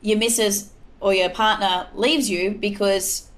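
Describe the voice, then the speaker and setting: A woman's voice: medium pitch, fairly even intonation, measured pace. A woman, hosting a podcast, asking direct, probing questions in casual chat. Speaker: podcast host.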